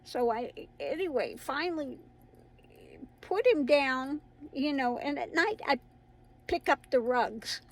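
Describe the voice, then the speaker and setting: A woman's voice: high voice, animated, slow pace, poor audio. A middle-aged woman hosting her own channel, chatting casually to viewers in a rambling way and laughing often. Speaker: tarot reader and channel host.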